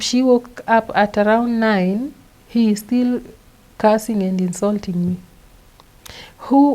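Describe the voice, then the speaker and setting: Young adult woman, Kenyan accent, interview guest, personal testimony, halting, repeats words, mid pitch. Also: a little mellow, rough recording. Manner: halting, repeats words and restarts, tells events step by step.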